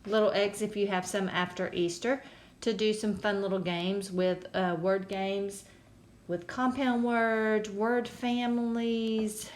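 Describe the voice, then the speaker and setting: A woman's voice: mid-range voice, darkish tone, reverberant, a little hiss or hum. A woman teacher, patiently sounding out words in a phonics lesson for young kids.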